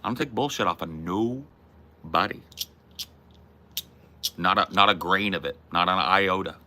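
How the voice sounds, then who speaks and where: Brief: low male streamer, blunt and profane, forceful edge. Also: a little slow. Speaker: streamer host. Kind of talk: casual chat answering viewers.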